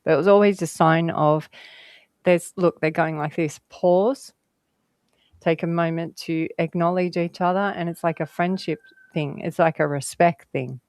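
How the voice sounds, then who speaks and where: A woman's voice: fairly low pitch, fairly even intonation, measured pace, a little mellow, dry recording. A woman guest telling stories in casual conversation, chatty and rambling, laughing often.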